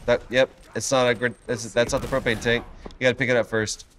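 A man co-hosting a let's play, coaching a player with playful sound effects and quick jokes. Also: medium pitch, level tone, fairly bright tone, slight background noise. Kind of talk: casual gameplay banter.

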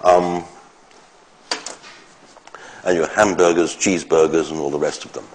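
A man giving an academic lecture, explaining step by step in short phrases with pauses. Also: extremely low pitch, steady tone, rough recording.

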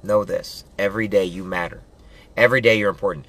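A man giving a loud, preachy motivational pep talk, hammering home rallying commands and building up to yelling. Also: lowish voice, fairly even intonation, quick pace, dry recording. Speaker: motivational vlogger.

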